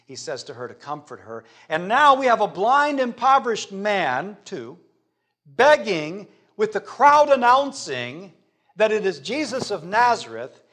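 Male preacher with a fairly high voice, dramatic delivery with big swings between loud and soft. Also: expressive, normal speed. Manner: dramatic, sweeping swings from loud to hushed, rhetorical questions. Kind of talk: sermon.

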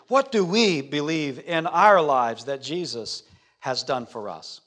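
Male preacher with a fairly high voice, dramatic delivery with big swings between loud and soft. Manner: dramatic, sweeping swings from loud to hushed, rhetorical questions. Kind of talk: sermon.

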